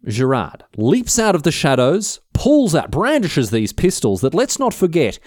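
A man with an Australian accent tells a history story in a chatty, slangy way, often restarting his sentences. His pitch moves a lot, with an animated lift. The sound is dry and close. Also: no room sound.

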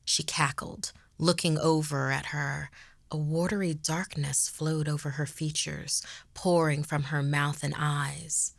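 A woman narrating a horror story in a hushed, half-whispered delivery as host. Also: sits low, little pitch movement, a little slow, gravelly, no room sound. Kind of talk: scripted narration.

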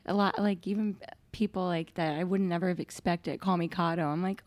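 A young woman guest on a podcast with a raspy voice, a bit shy, laughing often and giving short answers. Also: on the low side, fairly even intonation, fairly quick, a little mellow, dry recording. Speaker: guest, studio manager. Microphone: handheld podcast mic.

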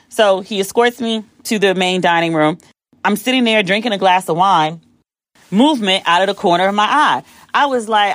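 An American woman hosting a podcast, telling a long casual story in an animated way, swearing freely and acting out the voices of people she quotes. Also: mid-range voice, normal speed, no room sound. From United States. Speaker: podcast host.

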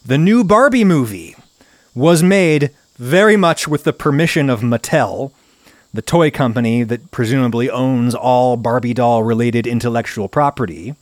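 A man giving an opinionated explanatory commentary on a video, talking in an animated way that climbs into emphatic outbursts. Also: medium pitch, moderate pace, dry recording. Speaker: video essayist.

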